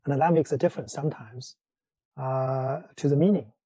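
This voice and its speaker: A man teaching a language lesson, explaining in English between slow examples with many fillers. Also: mid-range voice, warm tone, slightly rough, dry recording, rough recording. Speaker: Mandarin teacher.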